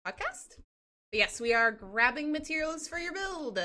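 A woman's voice: high-pitched, sing-song, moderate pace, pushed and bright. A woman streaming a game, chatting casually and bubbly with her chat, laughing often.

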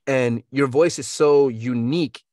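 A man's voice: medium pitch, unhurried, warm tone, no room sound, studio quality. An American man coaching on voiceover work, giving casual advice with energy and playful sound effects. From United States.

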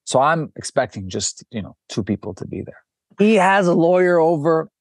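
A man's voice: a little high, moderate pace, dry recording, clean studio sound. A man, a documentary director, telling a story as an interview guest and acting out the lines of the people in it. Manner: animated, acts out quoted dialogue, frequent restarts.

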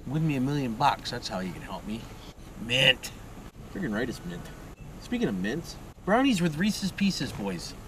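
A man's voice: medium pitch, big pitch swings, moderate pace. Chatty Ontario man driving in a windy van. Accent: Ontario Canadian. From Ontario, Canada. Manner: rambling, tags lines with "it is", "boys", "friggin' right". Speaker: vlogger. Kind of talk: casual driving vlog. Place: inside a van, driving with a window open. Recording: windy, from a distance in a car.

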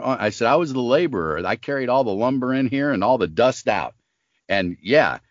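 Low-voiced older man, smoker. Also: normal speed, no echo, muffled recording. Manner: animated storyteller acting out quoted voices. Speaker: voice actor guest. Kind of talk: casual storytelling interview.

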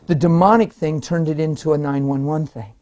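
Male preacher, emphatic and excitable, sharing a testimony in an interview. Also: a little high, fairly quick.

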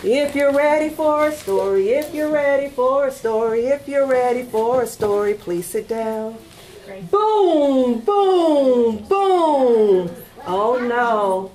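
A woman reading a picture book aloud at a library storytime, coaxing the children to join in. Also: a little high. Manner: sing-song, animated, coaxing kids to join in. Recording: echoey room.

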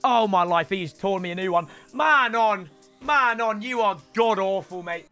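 A young man giving live commentary on his gameplay, excitable and often shouting and ranting at the game. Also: high voice, a little slow, over loud music. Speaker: gaming YouTuber.

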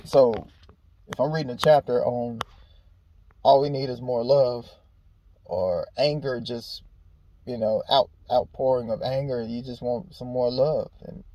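A man's voice: mid-range voice, dark tone, slight background noise, low-quality recording. A man hosting his own vlog, talking in a laid-back, candid way outdoors in a park, swearing freely and restarting his sentences as he reflects. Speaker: vlog host. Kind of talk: casual reflective monologue.

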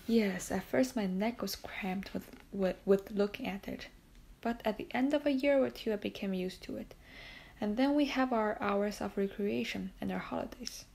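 A woman's voice: mid-range voice, moderate pace, vocal fry, darkish tone, close to an everyday voice. A woman reading a humble old telegraph keeper. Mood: earnest. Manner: earnest, plain-spoken. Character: older male telegraph keeper, humble, earnest. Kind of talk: audiobook character reading.

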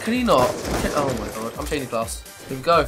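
An excitable man commenting on gameplay in a middle-pitched voice, breaking into loud outbursts and trash talk. He speaks into a gaming mic while loud game music plays behind him. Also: quick pace. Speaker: gaming video host.

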